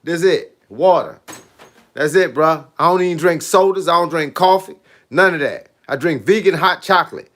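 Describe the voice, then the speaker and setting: Speaking at a normal speed with a fairly high, slightly bright voice, a middle-aged fitness coach hangs out with viewers on a live stream. His manner is relaxed, full of laughter and repeated "hey, look" and "bro."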